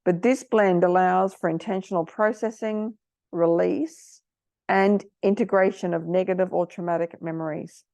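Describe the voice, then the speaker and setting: A middle-aged woman host talking earnestly to parents, sometimes moved to emotion, giving gentle advice. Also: fairly low pitch, fairly even intonation, moderate pace, dry recording. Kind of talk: casual product talk to parents.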